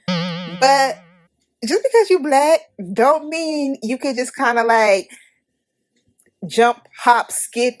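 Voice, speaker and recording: A Haitian-American woman hosting a podcast, giving a blunt, profane, animated movie review in casual talk. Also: mid-range voice. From United States. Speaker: podcast host.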